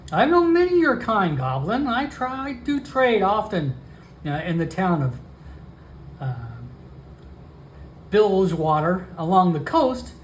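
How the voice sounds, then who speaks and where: Man doing a pushy potion merchant, higher-pitched and lively, slow wheedling pitch. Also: a little hiss or hum, heavily acted. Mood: coaxing. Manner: wheedling sales patter, calls everyone my friend. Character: pushy male merchant alchemist, chatty salesman.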